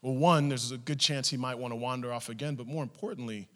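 Animated preacher in a reverberant church. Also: male voice, mid-range voice, fast talker. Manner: animated, acts out family members' voices. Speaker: pastor. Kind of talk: storytelling sermon.

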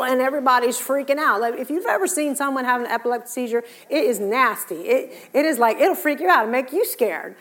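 Animated woman preaching a sermon. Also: fairly high pitch, fairly quick. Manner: animated storytelling, acting out scripture voices.

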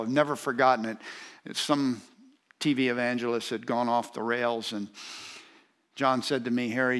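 A man's voice: medium pitch, fairly bright tone. A man preaching a sermon, emphatic and repetitive, speaking straight to the congregation. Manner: speaks directly to congregation, asides to audience.

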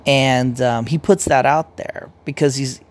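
A man's voice: medium pitch, fairly even intonation, a little slow. Blunt, profane man ranting casually. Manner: blunt and profane, rambling with repeated restarts. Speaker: commentator. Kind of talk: casual opinion rant.

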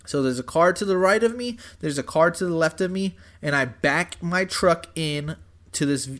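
A young man telling a story in casual chat, animated and profane, saying "dude" and "bro" constantly. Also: a little high, normal speed.

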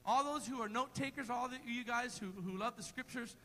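A man's voice: extremely high pitch, brisk, pushed and bright, big-room sound, poor audio. A man preaching a sermon as pastor in a church, emphatic and repetitive, calling on the congregation to answer back. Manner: emphatic call-and-response preaching.

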